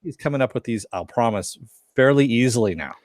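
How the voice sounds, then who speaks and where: A man's voice: mid-range voice, expressive, a little fast, a little mellow, dry recording, clean studio sound. A man co-hosting a casual review chat, retelling scenes and acting out lines. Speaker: podcast co-host reviewing a TV episode.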